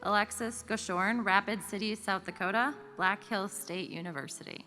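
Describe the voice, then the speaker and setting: A woman emceeing a formal ceremony, reading out names and hometowns slowly and evenly. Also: mid-range voice, pushed and bright. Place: large auditorium. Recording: reverberant hall with faint music.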